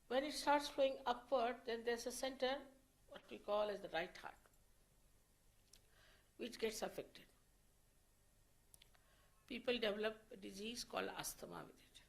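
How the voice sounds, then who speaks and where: A woman speaking as a spiritual teacher, giving an unscripted lecture in a slow, measured way and often repeating her phrases. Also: on the high side, vocal fry, fairly bright tone, low-quality recording.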